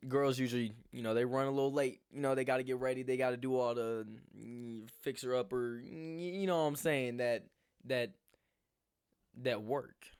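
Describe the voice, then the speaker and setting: A young man telling a storytime vlog in a rambling, animated way, swearing freely. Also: mid-range voice, normal speed, smooth. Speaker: vlogger.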